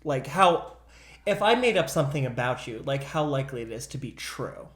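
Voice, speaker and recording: An animated man recounting a haunting on a chatty podcast. He slips into the voices of the people in his story. His voice rings in a roomy space, at a middling pitch. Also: normal speed. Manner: animated, acts out voices in quotes. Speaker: podcast co-host. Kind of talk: casual storytelling chat.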